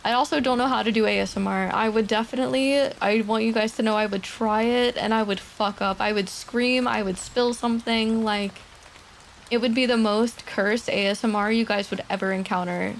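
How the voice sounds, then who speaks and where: A woman streamer chatting casually and quietly with her viewers at her desk mic, laughing often and swearing now and then. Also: fairly high pitch, steady tone, moderate pace, vocal fry, a little hiss or hum. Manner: soft-spoken, talking quietly. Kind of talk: casual livestream chat. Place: home streaming setup.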